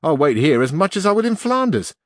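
A man's voice: fairly high pitch, big pitch swings, fairly quick, no room sound, voice pushed up. A man voicing a blunt, earthy peasant squire who speaks in proverbs, with raised, boastful delivery.

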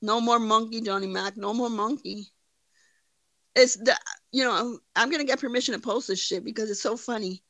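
A woman hosting a livestream in a blunt, profane, mocking way, her voice bright and forceful. She sits a little high for a woman and sounds dry and close to the mic. She talks in a casual, commentary style. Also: fairly even intonation, normal speed, no room sound. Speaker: livestream host.

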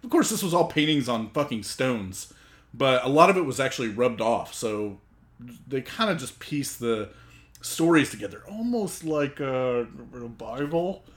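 A man's voice: medium pitch, expressive, a little slow. A man co-hosting a podcast, casually and profanely retelling Norse myths to his friends. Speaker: podcast host.

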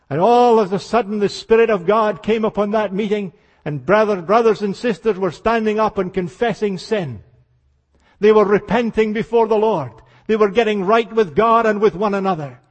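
An older man preaches with a high, ringing voice that fills a large hall with long reverb. His revival sermon flows as passionate storytelling, sinking to near-hushed tones before rising into fervent exclamations. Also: moderate pace, dull audio.

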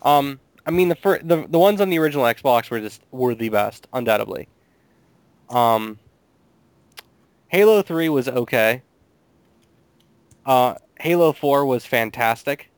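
A man's voice: mid-range voice, expressive, a little slow, long pauses, clear, resonant tone, no room sound. A young man co-hosting a casual gaming podcast, talking in a dry, hesitant way with many ums. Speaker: podcast co-host. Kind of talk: casual chat.

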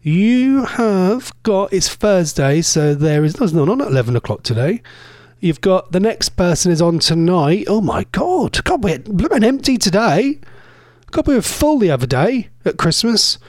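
A man's voice: high voice, sing-song, normal speed, no room sound, studio quality. A man hosting an online radio show from a cold home conservatory, chatting in a rambling way and correcting himself as he goes. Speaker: internet radio host. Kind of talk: casual radio chat.

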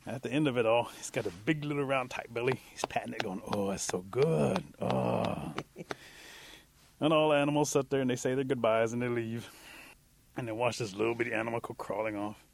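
Animated male storyteller. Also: medium pitch, creaky. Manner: animated, acts out voices of animals. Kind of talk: oral storytelling.

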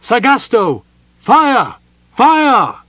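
A man voicing a young elf woman who urgently shouts commands. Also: extremely high pitch, huge pitch swings, very slow, no room sound, voice pushed up, full character voice. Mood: shouting commands.

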